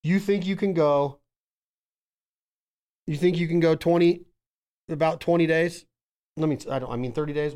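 A brash man hosts a podcast in loose, joking banter. His voice sits a little high for a man, and he swears freely as he needles his co-host. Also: normal speed, long pauses, darkish tone. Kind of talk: casual banter.

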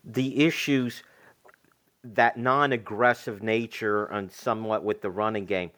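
A man with a somewhat low voice co-hosts a casual sports talk show. He speaks in a measured way, summing up and adding to his partner's points about a recruit. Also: fairly even intonation, fairly bright tone.

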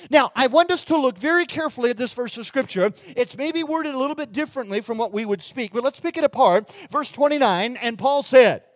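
A man preaching a sermon with a Southern accent, slowing and rising in pitch for emphasis when he quotes. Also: dry recording. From Mississippi, USA. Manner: emphatic preaching, slows and rises for quoted lines.

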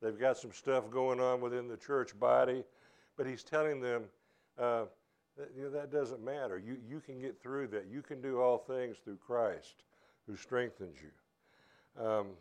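A man's voice: mid-range voice, fairly even intonation, a little mellow. Earnest male pastor preaching a sermon. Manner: earnest, halting, with many repeated starts. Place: church.

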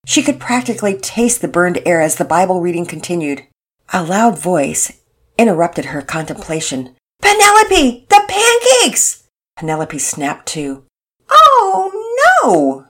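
A woman narrating a storybook in a calm, earnest, gently expressive reading. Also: sits low, normal speed, slightly rough.

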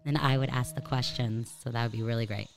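Against slight background noise, a woman in her thirties talks fast in a bass voice with vocal fry and fairly even intonation. She's a guest in a lighthearted interview, joking with fillers and side comments, and her voice is described as cartoon-like.

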